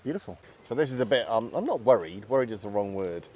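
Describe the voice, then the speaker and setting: Outdoors in woodland, a man hosts a cooking vlog, narrating each step in a chatty, self-deprecating way. His voice is lowish, animated, and fast, with heavy background noise.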